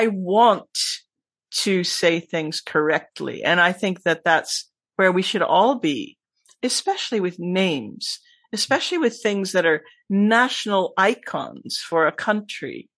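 A podcast guest and teacher with a mostly American accent that has a Scottish tinge, talking in a casual, emphatic way with lively asides. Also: mid-range voice, slow pace, no echo. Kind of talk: casual conversation.

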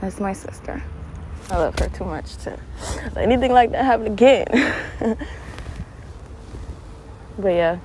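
Young woman podcast host, animated solo talker, mid-range voice. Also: medium pitch, a little slow, long pauses, slight background noise, poor audio. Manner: animated storyteller, laughs often, swings to earnest advice. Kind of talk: casual solo monologue.

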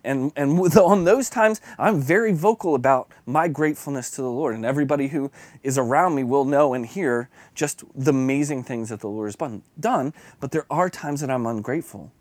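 A man's voice: medium pitch, brisk, no echo. A man preaching an earnest, confessional devotional sermon that builds to fervent emphasis.

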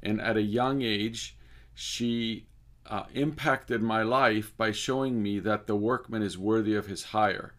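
Measured low-voiced man telling a story. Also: fairly even intonation, a bit bright. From Cyprus. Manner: measured, deliberate, lingering over details. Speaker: speaker and author. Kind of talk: personal storytelling talk.

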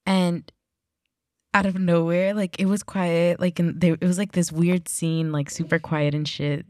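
A woman's voice: fairly low pitch, little pitch movement, a little slow, mellow, no room sound, studio quality. A woman co-hosting a casual podcast, telling a rambling story full of "like" and swearing. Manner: rambling, swears, heavy use of like. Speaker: podcast co-host.

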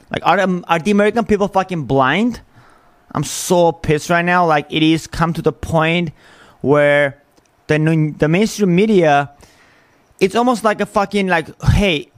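Man ranting on a podcast, fairly high voice, dry close sound, heated and swearing. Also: no room sound. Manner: heated, profane, emphatic. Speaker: podcast host. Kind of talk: angry political rant.

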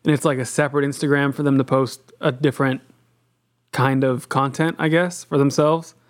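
A man's voice: mid-range voice, level tone, normal speed. A young man co-hosting a podcast, chatting casually and acting out both sides of exchanges as he tells a story. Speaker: podcast co-host. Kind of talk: casual chat.

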